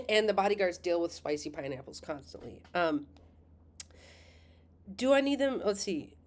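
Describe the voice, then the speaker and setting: Rambling woman astrologer, lowish voice. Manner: rambling, many fillers and restarts, laughing. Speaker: astrologer and school host. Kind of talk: casual monologue.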